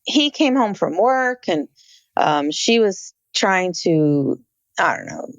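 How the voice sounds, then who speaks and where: A woman's voice: lowish voice, takes it slowly, dry recording, highs cut off. A woman co-hosting a podcast, talking over a true crime documentary in a casual, reflective way. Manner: animated, reflective, with many restarts. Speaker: podcast co-host. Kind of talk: casual chat about a documentary.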